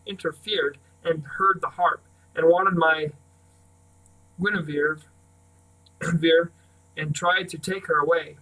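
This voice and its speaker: A man reading aloud, voicing a thin, worn older father who speaks strong, clear and cold. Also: a little high, bright, forceful tone, far from the mic, low-quality recording.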